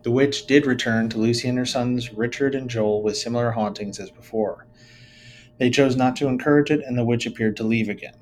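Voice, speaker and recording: A man's voice: mid-range voice, fairly quick, a little mellow, slight background noise, poor audio. Man reading out story notes on a podcast. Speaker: podcast co-host.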